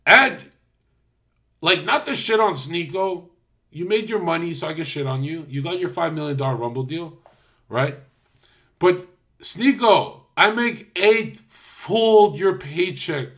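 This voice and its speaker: High, bright-voiced ranting young man. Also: expressive, a little slow. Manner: profane, mocking storytelling; acts out the other people in his stories. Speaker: livestreamer. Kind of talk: casual livestream rant.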